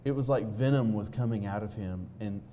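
A faint hum of background noise sits beneath this man's personal testimony to an audience. His low, warm voice carries earnestness, though he speaks haltingly and keeps restarting his sentences.

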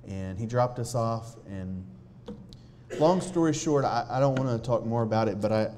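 A man telling a personal testimony to a live audience in an earnest, halting way, often restarting his sentences. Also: mid-range voice, mellow, slight background noise. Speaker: speaker sharing a personal testimony.

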